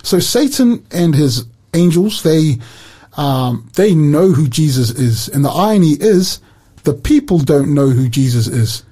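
A man from New leading a Bible study chat on Christian radio, earnest and animated, quoting scripture with emphasis. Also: on the high side, unhurried, husky.

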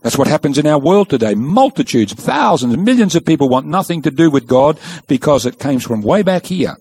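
A man's voice: fairly high pitch, very animated, a little fast, a little mellow, husky. A man preaching a sermon, telling the story with emphasis and rhetorical questions.

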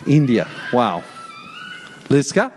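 A man preaching a sermon at a worship service, lively and joking as he calls out to the congregation. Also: medium pitch, takes it slowly, slight background noise. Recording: long hall reverb in a church.

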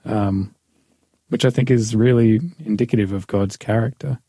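Mellow man musing about faith. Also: lowish voice, fairly even intonation, moderate pace, slightly rough, dry recording. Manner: reflective, searching for words. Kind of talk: casual faith discussion.

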